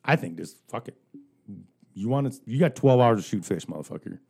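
A man's voice: on the low side, animated, brisk, creaky, mellow, slightly rough. A man ranting in casual podcast chat, profane and joking.

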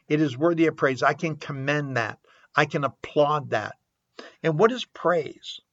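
A man's voice: on the high side, fairly bright tone, dry recording. An older man hosting a recovery podcast, speaking earnestly and reflectively, repeating key words and definitions. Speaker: podcast host. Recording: dull, dry sound.

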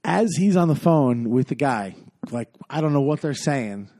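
A man's voice: medium pitch, lively intonation, moderate pace, warm tone. A man telling a long story in casual podcast chat, rambling with many fillers and acting out what people said.

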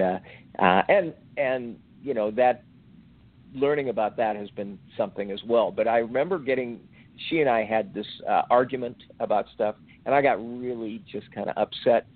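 A man in his sixties, a guest on a faith podcast, telling a personal story in a slow, reflective, halting way. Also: mid-range voice. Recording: tinny phone-like audio.

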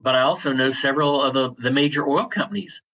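Give me a man with a husky, bright voice, calmly explaining as a guest on a podcast. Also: mid-range voice, rough recording. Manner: measured, explanatory, with frequent fillers. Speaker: podcast guest, energy executive. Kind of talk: conversational interview.

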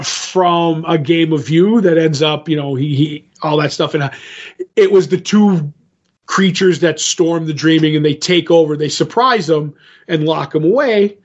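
A man co-hosting a podcast, casually retelling a comic book story in a rambling way and voicing the quotes with "he's like". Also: on the high side. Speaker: podcast co-host. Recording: dull lo-fi podcast audio.

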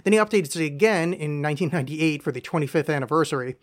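A man's voice: fairly high pitch, animated, quick pace. A man hosting a casual solo podcast, reading aloud in a rambling, self-mocking way with frequent swearing. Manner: rambling, self-deprecating, profane. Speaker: podcast host.

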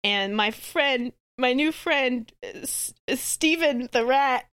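A woman's voice: high voice, slow pace, a bit bright, clean tone, no room sound, clean studio sound. A woman co-hosting a casual comedy podcast, giggly and rambling, often laughing at her own jokes. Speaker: podcast co-host.

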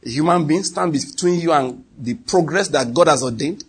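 A man with a Nigerian accent preaching a sermon, emphatic and animated, often acting out what people say. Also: on the high side, normal speed, slightly rough. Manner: animated, emphatic, slips into acted quotes.

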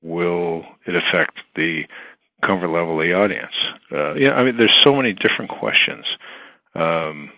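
A man's voice: low voice, normal speed, no echo, muffled recording. A man, a guest on a radio talk show, speaking casually and rambling with many fillers and restarts. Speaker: guest, entertainment manager.

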